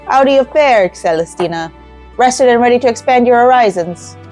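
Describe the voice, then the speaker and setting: A woman's voice: a little high, expressive, normal speed, darkish tone, faint music behind, lightly acted, poor audio. A woman reading as a hearty tavern-keeper man. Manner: tries an uncertain put-on accent. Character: hearty middle-aged male tavern keeper. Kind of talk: reading game dialogue aloud.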